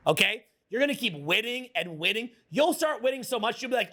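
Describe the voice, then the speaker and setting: A man coaching a live audience in a motivational seminar, energetic, swearing freely and getting the crowd to repeat his words. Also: sits high, fairly quick, hardly any pauses. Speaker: social skills coach.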